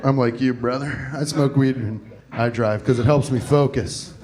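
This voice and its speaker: A man's voice: medium pitch, steady tone, normal speed, darkish tone. A man from Cincinnati doing stand-up crowd work, brash and profane as he teases the audience in a comedy club. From Cincinnati, Ohio. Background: audience laughter.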